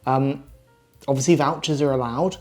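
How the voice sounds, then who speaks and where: A man's voice: medium pitch, steady tone, moderate pace, soft background music. Chatty man vlogging. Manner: chatty, thinking out loud. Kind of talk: casual vlog chat.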